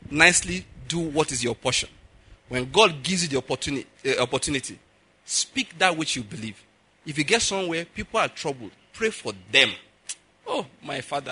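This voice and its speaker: A man preaching a sermon in an animated way, acting out voices and laughing at his own jokes. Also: fairly high pitch, slight background noise.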